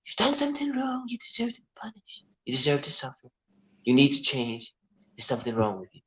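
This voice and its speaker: A man's voice: medium pitch, wildly swooping pitch, brisk, a bit bright. A man putting on the half-whispered, accusing inner voice of guilt. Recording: echoey room.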